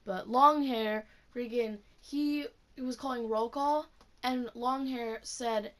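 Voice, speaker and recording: Teen woman, storytime vlogger, profane and rambling, slightly high-pitched. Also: steady tone, slow pace. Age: teens. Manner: casual, profane, heavy use of "like". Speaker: student. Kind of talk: storytime vlog rant.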